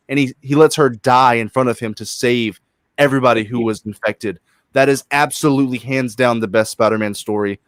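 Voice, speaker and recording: A man's voice: medium pitch, brisk, dry recording. Man, casual gaming chat, passionate retelling, dry close sound, swears a lot. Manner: animated, swears freely, retells scenes passionately.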